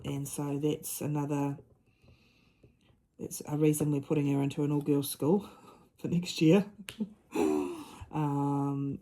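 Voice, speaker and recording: A middle-aged woman talking through a personal story in a casual chat, earnest and halting, often restarting her sentences. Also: sits low, dark tone. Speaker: mother and diamond-painting vlogger.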